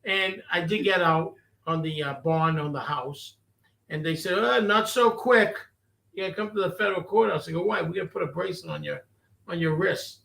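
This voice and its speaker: A man tells animated stories, voicing every character he quotes. His voice sits high and gravelly, and the room around him echoes. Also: a little fast. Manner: animated, acts out quotes in the story. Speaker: storyteller guest. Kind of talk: casual storytelling chat.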